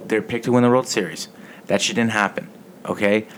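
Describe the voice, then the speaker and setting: A man's voice: lowish voice, steady tone, a little fast, a little hiss or hum. A man hosting a casual sports podcast, telling stories in a rambling, swearing way. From Canada. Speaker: podcast host.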